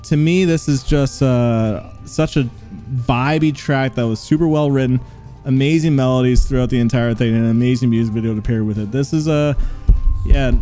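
A man giving a casual, enthusiastic song review, relaxed and full of fillers. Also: mid-range voice. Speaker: music reviewer.

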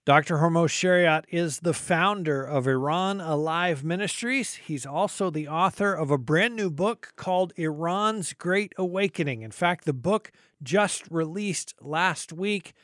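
Tv host guy, slightly high voice, dry studio sound, smooth delivery. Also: measured pace, hardly any pauses, fairly bright tone, no echo. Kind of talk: scripted intro and interview.

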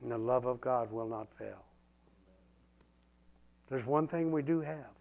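Male preacher, gravelly, moves between hushed prayer and loud proclamation. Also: mid-range voice, unhurried. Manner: swings from whispered prayer to shouted declarations. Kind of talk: live sermon with prayer.

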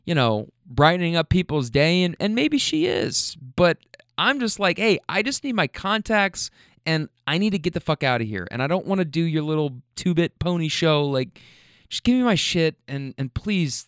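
A man's voice: on the high side, fairly bright tone, smooth, no echo, clean studio sound. A young man ranting in a profane, self-deprecating casual monologue. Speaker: storyteller.

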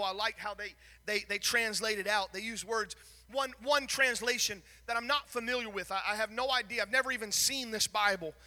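A man delivers a sermon in a very high, piercing voice. He drops to hushed murmurs, then rises into shouted, chant-like phrases. Long reverb rings around him in a large sanctuary. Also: a little fast. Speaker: preacher.

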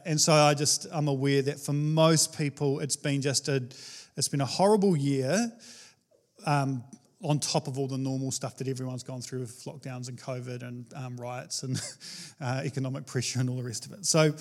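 A man preaching a casual, conversational sermon as a pastor, animated and chatty with many fillers. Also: medium pitch. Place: church.

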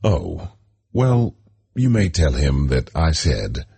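A man reading as a flat, deadpan alien farmer. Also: extremely low pitch, slow pace, creaky, husky, exaggerated voice. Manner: flat, dry. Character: blunt, bland male alien farmer.

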